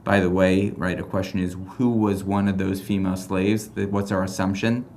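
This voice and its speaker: A man with a fairly low voice teaches a recorded class. He reads passages aloud, then breaks into animated rhetorical questions, stopping and restarting as he thinks aloud. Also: moderate pace, slight background noise.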